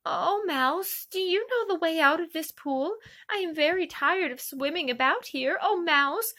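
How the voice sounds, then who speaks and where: A woman's voice: extremely high pitch, animated, a little slow, sharp tone, pitched above the performer's own voice, exaggerated voice. A woman voicing a polite, chatty young girl in a storybook reading, talking eagerly and earnestly. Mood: coaxing.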